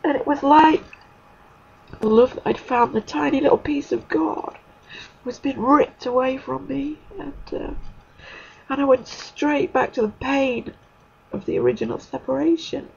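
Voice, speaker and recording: A woman giving an emotional spiritual testimony, halting, with many pauses and fillers. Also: high voice, gravelly, muffled recording. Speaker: spiritual speaker.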